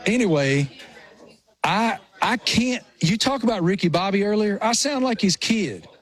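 A man from rural Appalachia with a thick Appalachian accent, co-hosting a radio show with animated, self-mocking storytelling. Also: high voice, a little slow. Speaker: co-host. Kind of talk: casual radio show banter.

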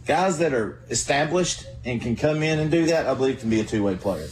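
A man's voice: medium pitch, expressive, fairly quick, a little mellow, a little hiss or hum, low-quality recording. A man giving casual, confident analysis as a guest on a sports radio show.

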